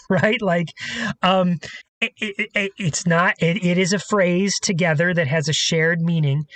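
A man co-hosting a podcast, telling stories in a lively, casual way. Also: sits high, dry recording. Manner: animated storytelling, chants sports cheers. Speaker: podcast co-host.

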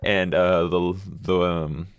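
A man in a casual podcast chat who rambles, swears and fills pauses with "um" and "like". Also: deep voice, flat delivery, clean tone, no room sound, studio quality. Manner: rambling, swears, many fillers.

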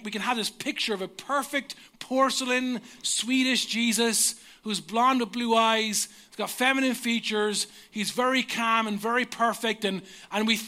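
A man's voice: extremely high pitch, bright, forceful tone. An Irish man in his thirties preaching a sermon, telling humorous, self-mocking personal stories. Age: 30s. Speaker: pastor.

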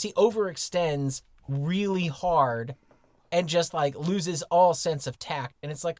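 A man's voice: a little high, a little slow, darkish tone, no room sound. A man from the United States co-hosting a podcast, talking in a candid, self-mocking, casually profane way. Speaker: podcast co-host. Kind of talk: casual chat.

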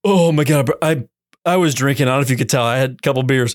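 A man's voice: mid-range voice, fast, dry recording, studio quality. A man co-hosting a podcast who chats casually and teases the other host in crude terms. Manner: teasing, crude. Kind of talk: casual chat.

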